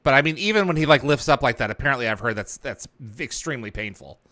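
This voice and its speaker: A man's voice: medium pitch, animated, fast, sharp tone. A man hosting a casual watch-along chat, making dry, wry asides. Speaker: host.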